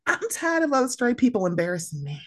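A woman hosting a podcast in casual chat, animated and sassy, acting out exchanges with people. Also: fairly high pitch, quick pace. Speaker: podcast host.

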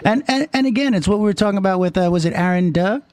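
Fairly high-voiced guy co-hosting a podcast, dry close sound, chatty and animated. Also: racing, no room sound. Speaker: podcast co-host. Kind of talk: casual chat.

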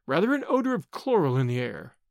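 A man voicing a brisk, businesslike young male doctor. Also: on the high side, sing-song, creaky, no room sound, studio quality. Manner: brisk and matter-of-fact.

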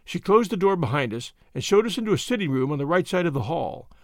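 A man narrates an audiobook with measured, expressive storytelling. His voice is high and very animated in pitch. The recording is dry and close. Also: no echo. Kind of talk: scripted narration.

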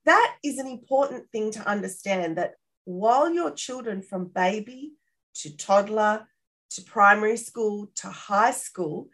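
A woman explaining parenting skills in a casual interview, lively and often checking in with tag questions. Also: medium pitch, unhurried. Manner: animated, acts out parent-child dialogue. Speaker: parenting expert guest.

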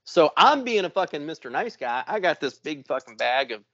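A man's voice: a little high, big pitch swings, brisk, fairly bright tone, no echo, lo-fi sound. A man co-hosting a podcast, telling a long profane story and acting out both sides of an argument. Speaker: podcast co-host. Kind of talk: casual storytelling.

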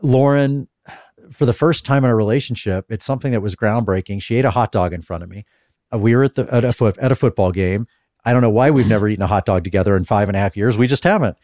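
A man hosting a casual conversational interview, telling stories in a calm, even-keeled way. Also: on the low side, fast talker, no echo, clean studio sound. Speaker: podcast host interviewing guests.

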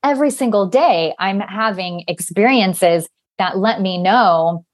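A woman guest in a casual conversation, talking about spiritual matters with enthusiasm and quick phrasing. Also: mid-range voice.

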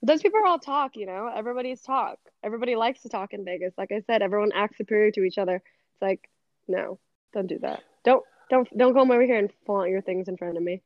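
A woman's voice: medium pitch, fast talker, no room sound. A woman talking as a podcast guest, chatty and casual, full of "like" and quoted asides. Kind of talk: casual interview chat. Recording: dull, dry recording.

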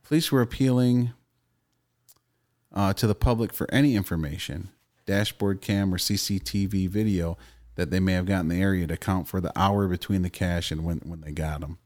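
Low-voiced podcast guy, casual, swears a lot, opinionated. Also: fairly quick, darkish tone. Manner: loose, profane, opinionated. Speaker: podcast co-host.

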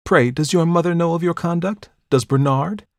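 Jealous proud young woman, sharp and cold, voiced by a male narrator, dry close recording. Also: on the high side, moderate pace, no room sound, pitched above the performer's own voice, lightly acted. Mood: accusing. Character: jealous elder sister, proud and bitter.

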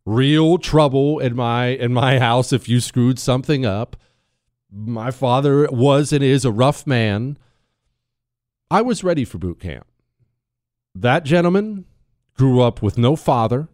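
A man's voice: medium pitch, expressive, slow pace, pauses often, a little mellow, no echo, studio quality. A man hosting a talk radio show, telling a story in a monologue. He leans hard on his points, repeats lines for effect and throws questions at the listener.

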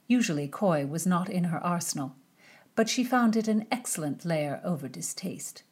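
A woman narrating a historical novel aloud, with measured, expressive storytelling. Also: fairly low pitch, husky. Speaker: audiobook narrator. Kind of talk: scripted narration with character voices.

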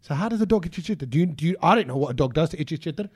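A man tells an animated story on a podcast, acting out what people said. His voice sits high for a man and he talks quickly, jumping between asides. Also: breathy edge. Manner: animated, acts out quotes, says "bruv" often. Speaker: podcast co-host. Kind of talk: casual chat, storytelling.

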